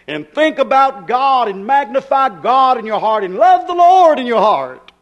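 High-voiced hollering preacher. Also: male voice, very animated, a little slow, lo-fi sound. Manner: hollering, emphatic, rhetorical questions. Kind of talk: sermon.

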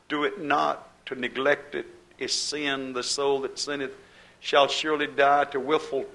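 Male pastor, fiery sermon delivery, slightly high gravelly voice. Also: fairly bright tone, low-quality recording. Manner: preaching with swelling emphasis and quoted scripture.

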